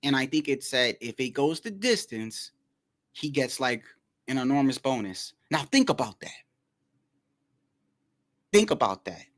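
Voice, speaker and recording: A man hosting his own boxing channel, talking in a loose, animated rant that stumbles, repeats itself and swears. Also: medium pitch, unhurried, pauses often. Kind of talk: casual commentary.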